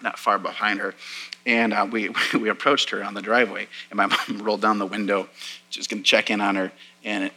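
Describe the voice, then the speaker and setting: Bright-voiced chatty preacher man in his forties. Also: mid-range voice, poor audio. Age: 40s. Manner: self-deprecating, chatty storytelling with fillers. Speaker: pastor. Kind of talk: sermon with personal story. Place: church sanctuary.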